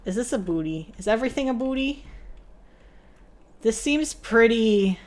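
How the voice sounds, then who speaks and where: A woman's voice: fairly high pitch, animated, a little slow, a little mellow. A young woman streaming a game, chatting casually in a playful, giggly, rambling way and poking fun at herself.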